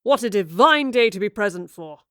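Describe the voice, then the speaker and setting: A woman's voice: mid-range voice, lively intonation, moderate pace, no room sound, clean studio sound, natural voice. Female narrator doing a sneering villain who swings from smarmy charm to threats. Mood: smug. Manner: smug, then snarling and threatening. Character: menacing, volatile man hiding his true identity.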